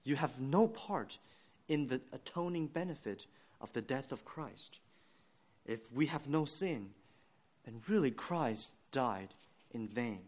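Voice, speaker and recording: A man preaching a sermon, earnest and deliberate, building to emphatic points. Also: mid-range voice, lively intonation, darkish tone.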